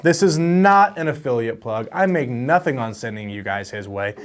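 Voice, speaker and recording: A young man hosts a laid-back advice vlog on real estate wholesaling, talking to camera in a medium-pitched voice at a moderate pace. His delivery is friendly and story-driven, animated with bursts of laughter.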